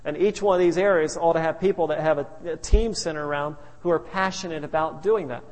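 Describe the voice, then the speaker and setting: A man's voice: fairly high pitch, fairly quick, darkish tone, long reverb tail, low-quality recording. A man preaching a sermon in a church, telling folksy family stories to make his points.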